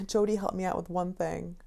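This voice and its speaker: A woman's voice: fairly low pitch, fairly even intonation, normal speed, creaky, dark tone. A woman from Connecticut chatting casually, telling stories and acting out what people said. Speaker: podcast co-host, bartender. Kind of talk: casual chat.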